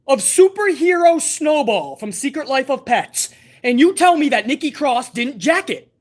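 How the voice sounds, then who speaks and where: A man talking on a live stream in a loose, casual way, swearing often and thanking viewers by name. His banter is relaxed and conversational, speaking straight to his audience. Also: very high voice, normal speed. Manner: profane, laid-back banter, reading viewer messages.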